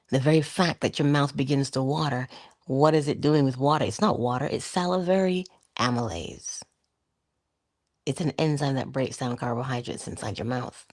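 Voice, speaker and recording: Woman motivational speaker, husky and low, chatty delivery. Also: a little mellow. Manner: conversational, asks rhetorical questions. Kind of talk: inspirational talk.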